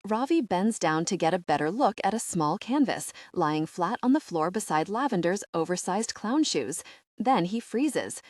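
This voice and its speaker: A woman narrating an audiobook with expressive storytelling. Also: lowish voice, moderate pace, no echo, studio quality. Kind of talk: scripted narration.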